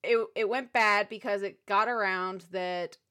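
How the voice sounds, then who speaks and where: A woman co-hosting a podcast, casually recapping a novel with expressive, exasperated commentary. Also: medium pitch, measured pace. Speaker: podcast co-host. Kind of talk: casual book recap chat.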